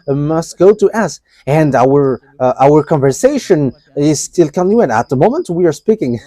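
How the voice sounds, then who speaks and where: A man delivers a live sermon in a halting, restart-filled way, chuckling often between thoughts. His voice sits a bit high but has a mellow, dark tone. The sound is dry and close, with no room echo. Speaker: preacher.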